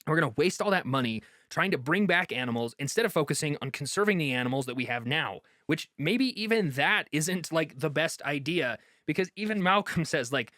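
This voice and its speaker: A man's voice: a little high, lively intonation, brisk, hardly any pauses, pushed and bright, dry recording, studio quality. A man giving heated, exasperated commentary in a video essay, slipping into mocking quoted voices as he rants. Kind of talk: impassioned commentary.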